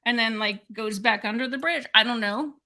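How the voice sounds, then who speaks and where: A woman's voice: a little high, normal speed, over a noisy crowd. A woman co-hosting a podcast in casual chat, rambling and hedging as she thinks aloud. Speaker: podcast co-host.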